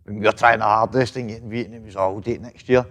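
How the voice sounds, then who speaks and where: A man's voice: lowish voice, steady tone, quick pace, a bit bright. A Scottish man in his thirties, a boxer chatting casually in an interview, swearing freely and tagging lines with "mate". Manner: swears freely, fills with "mate" and "know what I mean". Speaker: professional boxer, guest. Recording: long reverb.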